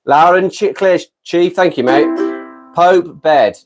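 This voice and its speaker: A British man in his fifties live-streams from his garden shed, chatting casually in a high-sitting voice at a slow pace. He rambles and pokes fun at himself between ukulele songs, with ukulele strumming playing under his voice.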